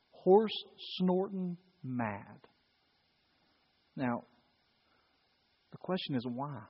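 A pastor with a slightly high, husky voice preaches a sermon before a live congregation, in a dull, echoey hall recording. He tells the story using acted-out voices and puts questions to the audience.

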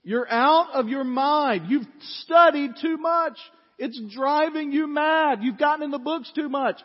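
A man voicing an exasperated Roman governor who shouts mockingly at a prisoner. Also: extremely high pitch, unhurried, pitched above the performer's own voice. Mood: scornful. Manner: loud, mocking outburst. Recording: dull recording in a reverberant hall.

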